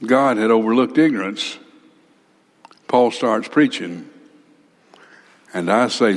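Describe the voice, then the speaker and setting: A man preaching a sermon dramatically, acting out listeners and swinging between loud emphasis and hushed asides. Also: on the low side, slow pace, pauses often. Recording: long hall reverb.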